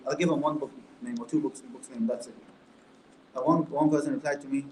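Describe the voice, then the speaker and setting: A man's voice: medium pitch, fairly even intonation, a little fast, a little mellow, slight background noise. A man giving a conversational classroom lecture on a book as an Islamic studies teacher, asking his class many rhetorical questions. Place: indoor classroom. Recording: roomy echo, faint room ambience.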